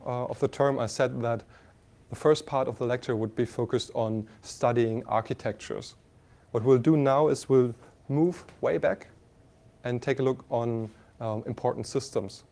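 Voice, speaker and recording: A man with a German accent giving a university lecture, halting with many fillers and restarts, often asking the class questions. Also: medium pitch, vocal fry, dark tone.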